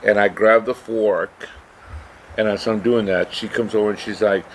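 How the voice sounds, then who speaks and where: A man's voice: lowish voice, steady tone, normal speed. A middle-aged man co-hosting a podcast, telling a story in a casual rambling way, with many "right?" asides. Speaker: podcast co-host. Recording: faint background noise.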